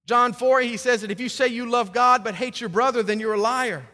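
High-voiced man preaching in an echoey hall. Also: brisk, bright, forceful tone. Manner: conversational preaching with repeated words and restarts; acts out quoted speakers in dialogue. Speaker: pastor. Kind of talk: sermon.

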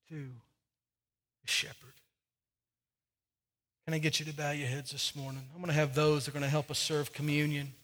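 High, bright-voiced preaching man. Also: long reverb tail. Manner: preaching with rising and falling intensity, repeating phrases. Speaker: pastor. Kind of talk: sermon. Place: church sanctuary.

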